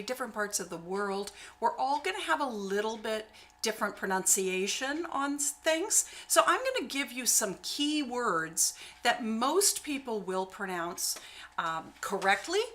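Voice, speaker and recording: A woman voice teacher explaining singing vowels, with warm encouragement, often drawing out or singing the sounds she demonstrates. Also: mid-range voice.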